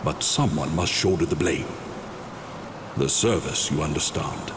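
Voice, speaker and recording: An actor voicing a formal, officious secret service superior with a clipped manner. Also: male voice, a bass voice, unhurried. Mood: stern. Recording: reverberant noisy game audio.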